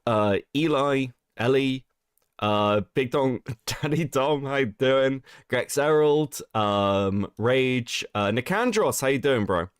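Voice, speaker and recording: A man's voice: mid-range voice, smooth, no echo, clean studio sound. A man hosting a casual livestream while sick, reading chat aloud, swearing and laughing often. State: sick, rough voice. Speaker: streamer host.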